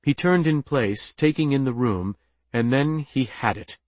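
A man reads an audiobook aloud in a measured, even storytelling voice. His pitch sits in the middle for a man, and the sound is close and dry. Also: no room sound. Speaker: audiobook narrator. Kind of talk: scripted narration.

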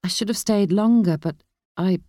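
A reader voicing a woman investigator, quiet and strained, in a storybook narration. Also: mid-range voice, normal speed, no room sound, studio quality, pitched above the performer's own voice, close to an everyday voice. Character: woman investigator, shaken and weary.

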